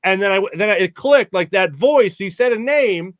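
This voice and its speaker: Fired-up radio sports host guy, kinda high voice, dry close sound, tells stories fast. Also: no room sound. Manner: excited, gushing, animated storytelling. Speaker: sports talk show host. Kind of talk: enthusiastic interview chat.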